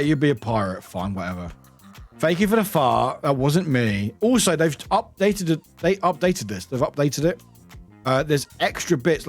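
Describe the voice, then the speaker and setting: An excitable British man chats casually as a streamer while playing a game. He laughs often, swears and breaks into high shouts.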